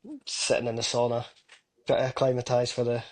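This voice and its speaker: A Scottish man in his thirties, a footballer guest on a casual podcast, telling lively stories and swearing freely. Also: mid-range voice, fairly quick. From Scotland. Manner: lively, swears casually, tells vivid anecdotes.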